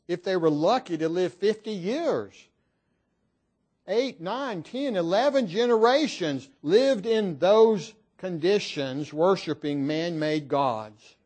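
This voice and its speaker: A man preaching a sermon in an earnest, emphatic, measured way. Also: on the high side, a little mellow.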